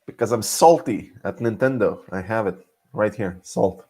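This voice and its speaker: A man's voice: lowish voice, moderate pace, darkish tone, breathy edge. A man from Serbia, chatting casually on a live stream, joking and laughing often between lines.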